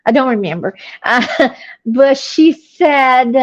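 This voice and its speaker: A woman's voice: high-pitched, expressive, takes it slowly, lo-fi sound, a little hiss or hum. A woman from Brazil with a light Brazilian Portuguese accent and Portuguese as her first language, chatting casually and telling stories with laughs between remarks. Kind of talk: casual chat.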